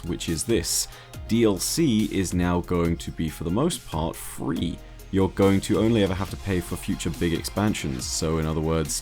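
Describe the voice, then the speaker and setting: A man laying out gaming news in a clear, orderly, measured way during a casual discussion. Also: low voice, darkish tone. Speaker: guest commentator on a gaming discussion. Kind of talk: casual chat.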